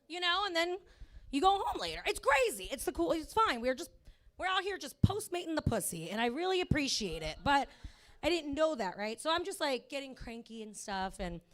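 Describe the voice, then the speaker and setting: A woman's voice: high-pitched, fairly bright tone. A woman in her thirties doing a rambling, profane stand-up set at a comedy club, full of fillers.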